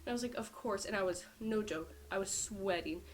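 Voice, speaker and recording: A woman's voice: medium pitch, a little fast, slight background noise. A young adult woman, a powerlifter, chatting casually to camera in a vlog and filling her talk with lots of "like". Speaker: powerlifter vlogger.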